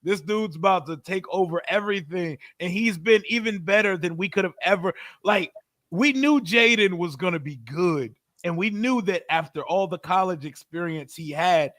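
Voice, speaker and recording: A man's voice: sits high, moderate pace, fairly bright tone, dry recording, clean studio sound. A young man chatting as a podcast guest, easygoing and reflective with a dramatic streak. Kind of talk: casual sports podcast chat.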